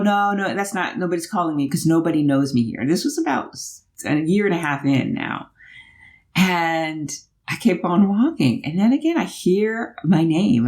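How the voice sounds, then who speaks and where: Chatty woman telling a road-trip story. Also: deep voice. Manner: chatty, animated storytelling with tag questions. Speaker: vlogger. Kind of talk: storytelling while driving.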